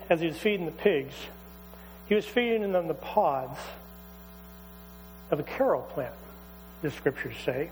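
A man pastor retelling a scripture story in a conversational, animated sermon. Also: fairly high pitch. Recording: hall reverb, faint mains hum.

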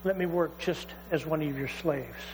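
A preacher voicing a humbled young son. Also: male voice, fairly high pitch, normal speed, natural voice. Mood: humble. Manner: earnest, humble pleading. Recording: hall reverb, faint mains hum.

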